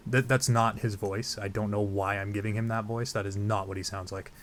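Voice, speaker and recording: A man's voice: on the low side, flat delivery, fairly quick, few pauses. Crude, joking let's play guy. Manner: crude, joking, rambling with fillers. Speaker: game let's play host. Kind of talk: casual gameplay commentary.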